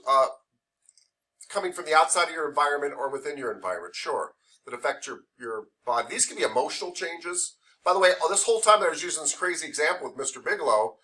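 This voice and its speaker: A man's voice: fairly high pitch, bright, forceful tone, far from the mic. A man teaching a massage therapy class, lecturing conversationally and explaining ideas through playful made-up examples.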